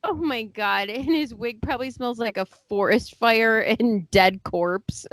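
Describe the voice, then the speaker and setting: High-voiced excitable woman co-host. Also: unhurried, no room sound. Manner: excitable, swears freely. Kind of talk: casual chat.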